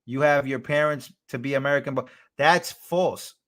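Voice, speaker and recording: A man's voice: medium pitch, normal speed, a bit bright. A young man hosting a live stream, chatting casually, reading out chat messages and thanking donors.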